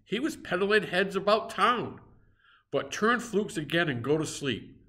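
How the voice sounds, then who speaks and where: A grinning, jovial old innkeeper, as a male reader puts him on, coaxing and teasing in a lifted, brighter voice. He sounds like a storybook tavern keeper. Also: sits high, very animated, unhurried, pitched above the performer's own voice, full character voice.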